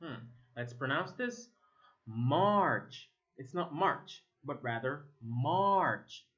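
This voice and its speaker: A man from Egypt, a native Arabic speaker, teaching English vowels at a very slow pace. He draws out each word and repeats it so learners can copy it. His voice is bright and his pitch moves a lot, and the recording sounds a little dull and lo-fi. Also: expressive. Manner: stretches and repeats single words for contrast.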